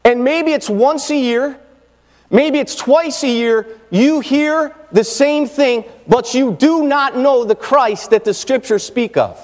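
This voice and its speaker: High-pitched guy preaching hard, gets loud then drops way quiet, repeats himself, big echo in the church. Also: takes it slowly. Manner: fervent preaching, swings from loud to hushed, repeats phrases. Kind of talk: sermon.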